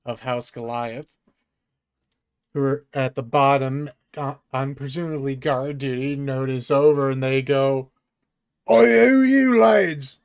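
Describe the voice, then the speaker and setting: A man narrating as game master in a tabletop role-playing game, measured and hesitant. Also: medium pitch, little pitch movement, clear, resonant tone.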